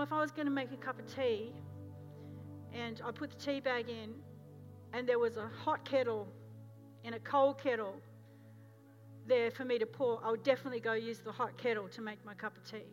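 An Australian woman pastor tells a story during her sermon, her fairly high voice shifting from loud urgency to hushed, intense moments.

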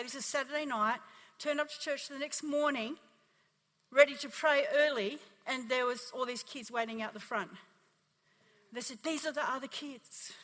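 Bright-voiced Australian woman preaching in a reverberant hall. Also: high-pitched. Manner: animated storytelling, acting out quotes. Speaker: pastor. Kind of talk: testimony sermon.

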